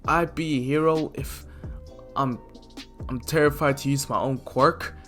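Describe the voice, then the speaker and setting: A man's voice: medium pitch, fairly even intonation, unhurried, a bit bright, soft background music, lightly acted. A man voicing a timid teenage boy in training to be a hero, who talks hesitantly and stammers anxiously.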